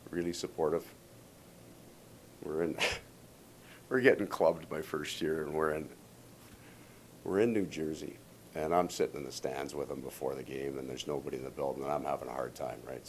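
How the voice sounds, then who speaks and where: A man's voice: very deep voice, darkish tone, slight background noise. A man in his forties, a hockey coach, telling stories in a casual, rambling, self-deprecating way. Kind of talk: casual storytelling.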